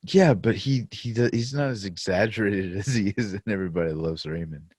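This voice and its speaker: A man's voice: fairly low pitch, fairly quick, a little mellow, slightly rough, no echo. A man co-hosting a movie podcast in casual chat, teasing and dry. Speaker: podcast co-host.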